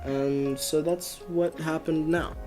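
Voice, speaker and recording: A man's voice: a little high, fairly even intonation, slow, a little mellow, faint music behind. Rambling young man hosting a podcast. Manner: rambling, full of fillers and restarts, laughs often. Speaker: podcast host. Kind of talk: casual rambling storytelling.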